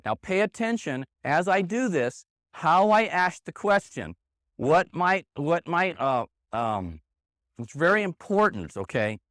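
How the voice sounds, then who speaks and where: A man's voice: on the high side, sing-song, a little slow, fairly bright tone, dry recording, studio quality. Emphatic man leading a sales seminar. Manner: emphatic, punchy, repeats key points. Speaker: sales trainer. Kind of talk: live training seminar. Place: meeting room with an audience. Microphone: handheld microphone.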